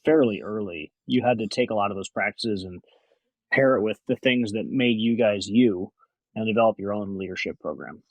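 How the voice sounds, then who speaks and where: A man's voice: on the low side, normal speed, no room sound, dull audio. A man hosting an interview podcast, asking questions in a casual, hesitant way and correcting himself as he goes. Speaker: podcast host.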